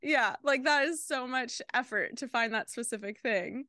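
A woman's voice: fairly high pitch, normal speed, pushed and bright, no echo, clean studio sound. A young woman in her twenties, co-hosting a podcast in casual chat, bantering playfully and laughing often. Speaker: podcast co-host.

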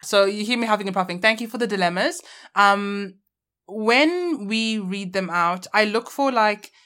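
A woman's voice: medium pitch, moderate pace, sharp tone. Blunt, playful young woman podcast co-host. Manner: blunt, playful, swears casually. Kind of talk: casual chat.

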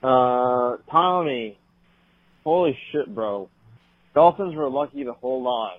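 A man's voice: mid-range voice, slow pace, no echo. A man calling in to a sports podcast, frustrated and swearing as he complains. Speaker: caller. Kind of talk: call-in sports chat. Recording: dry tinny phone line.

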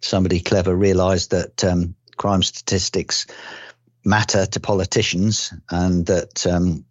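A very deep-voiced older man from England talks through his years as a detective, pausing on ums and restarting his sentences. He keeps a dry sense of humour throughout. The recording is dull and lo-fi with a dry, close sound. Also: little pitch movement, husky, no room sound. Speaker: retired police detective. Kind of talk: relaxed oral-history recollection.

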